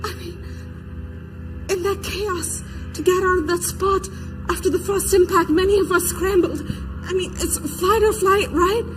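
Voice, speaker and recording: Brief: an actress as a female protester witness, high voice, vivid stage retelling that acts out quoted voices. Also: steady tone, unhurried, over music. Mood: recounting. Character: adult female protester giving eyewitness testimony. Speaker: stage actor. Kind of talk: verbatim theater monologue.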